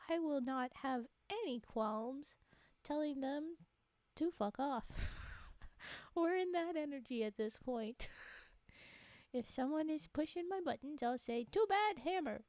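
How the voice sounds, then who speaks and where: A woman hosting a livestream in casual chat, giggling often and rambling, with frequent drops into a breathy whisper. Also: sits high, measured pace, darkish tone, no room sound. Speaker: livestream host.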